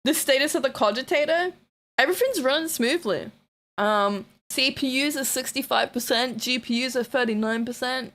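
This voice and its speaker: A woman streamer chatting casually with her live chat, blunt and playful, teasing viewers, swearing freely and breaking into excited shouts and laughter. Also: high voice, normal speed.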